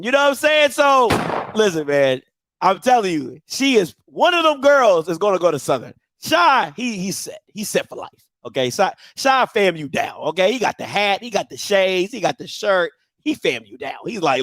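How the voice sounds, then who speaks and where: A man hosting a live show, ranting casually with animated, emphatic, slangy banter. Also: high voice, normal speed, no room sound. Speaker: show host. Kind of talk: casual on-air rant.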